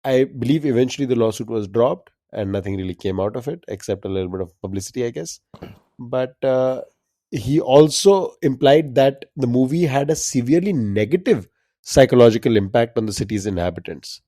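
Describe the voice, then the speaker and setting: Man, casual trivia chat, laughs often, mellow, dry. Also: medium pitch, brisk, no room sound. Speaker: podcast co-host.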